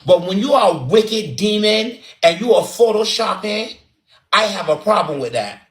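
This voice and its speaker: A man's voice: sits high, lively intonation, normal speed, a bit bright. A man with a Barbadian accent giving sassy, dramatic roasting commentary with lots of repetition. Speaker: online commentator. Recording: roomy echo.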